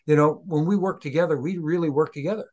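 A man co-hosting a podcast who talks in an earnest, halting way and often restarts his sentences. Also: fairly high pitch, darkish tone, lo-fi sound. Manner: earnest, halting with repeated starts. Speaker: podcast co-host, former referee. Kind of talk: casual podcast chat.

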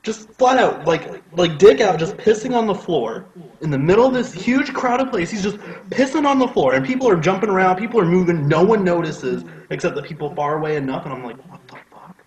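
Male podcast guest, slightly high voice, animated swearing storyteller, roomy echo. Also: a little fast. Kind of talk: casual chat.

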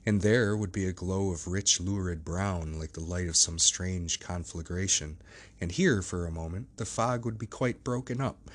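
A man with a very deep, low voice reads a classic novel aloud as an audiobook. His narration is steady and measured. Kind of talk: scripted narration.

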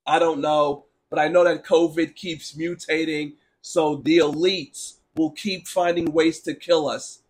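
High-voiced man ranting about sports. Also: unhurried, hardly any pauses. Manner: blunt, animated, sarcastic ranting. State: sore throat. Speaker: sports talk show host. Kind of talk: casual opinionated sports talk, reading live chat.

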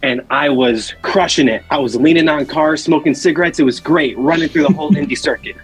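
A man's voice: a little high, fairly quick, natural voice. A man voicing a self-important male wrestler in a rambling, boastful monologue. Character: self-important male wrestler bragging about his comeback.

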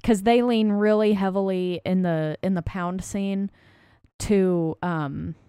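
A woman's voice: medium pitch, fairly even intonation, slow pace, dark tone, smooth, no room sound, clean studio sound. A woman, co-hosting a podcast in casual chat, gushing and emphatic. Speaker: podcast co-host. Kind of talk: casual chat about a film.

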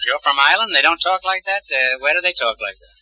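A man's voice: a little high, lively intonation, fast, loud music behind the voice, low-quality recording. An older man hosting a quiz show, teasing his contestants with wry puns and quips. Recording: hissy 1950s radio broadcast.

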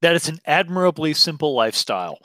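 A man's voice: a little high, fast talker, no room sound. A man hosting a tabletop role-playing show, introducing the players and narrating the scene with upbeat energy and frequent "uh"s. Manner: upbeat, animated, with filler "uh"s. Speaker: show host.

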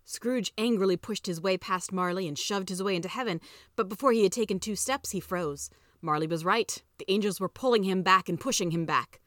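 A woman narrating a storybook tale in a measured, even way. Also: mid-range voice, no echo, clean studio sound. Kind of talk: storybook reading.

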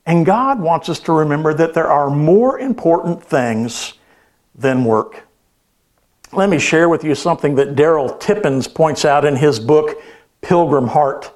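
A man's voice: a little high, a little slow, darkish tone. A male pastor preaching a sermon, telling a story earnestly with hesitant restarts.

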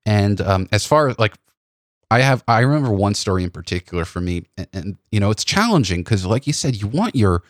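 A man hosting a podcast about photography workshops, telling stories in an animated way with many restarts. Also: fairly low pitch, a little fast, dry recording, clean studio sound. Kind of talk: casual conversational storytelling.

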